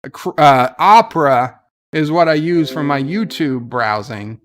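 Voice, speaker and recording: A man with a somewhat high voice hosts a casual livestream and answers his chat. He rants bluntly and swears freely. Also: lively intonation, unhurried, a bit bright. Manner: ranting, profane, blunt. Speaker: livestream host reading chat.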